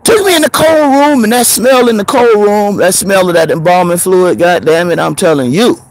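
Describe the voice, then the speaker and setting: A man in his thirties telling a story in a casual, profane monologue, laughing often and swinging between preacher-like highs and murmurs. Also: moderate pace. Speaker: show host.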